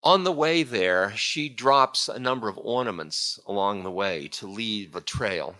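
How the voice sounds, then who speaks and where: A man's voice: on the low side, expressive, a little slow, pushed and bright. A man, a spiritual teacher, telling an old story in a casual, humorous lecture with frequent chuckles.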